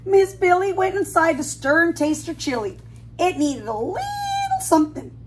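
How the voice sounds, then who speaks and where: A woman's voice: extremely high pitch, very animated, moderate pace, a little hiss or hum. A woman preschool teacher reading a picture book aloud to young children, stopping often to ask them questions. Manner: asks children questions, warm sing-song asides. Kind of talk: storybook read-aloud for children.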